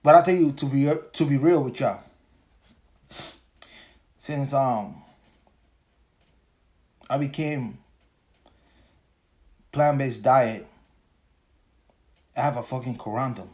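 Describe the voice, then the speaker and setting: Tired from a long day at work, this forties-aged podcast host rambles alone on mic, swearing and talking crudely in a loose rant. He sounds medium in pitch with a darkish tone, a little slow, leaving long pauses.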